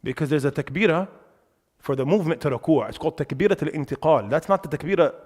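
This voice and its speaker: Quick-talking young guy teaching in a mosque, kinda high voice, emphatic and chatty, echoey hall reverb. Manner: animated, emphatic; conversational, uses filler words. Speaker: religious teacher. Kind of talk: lecture on worship.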